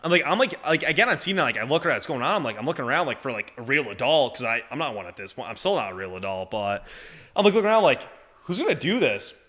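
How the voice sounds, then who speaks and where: Bright-voiced man rambling with filler. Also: mid-range voice, big pitch swings, fast. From Massachusetts. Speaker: podcast guest firefighter. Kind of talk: casual storytelling.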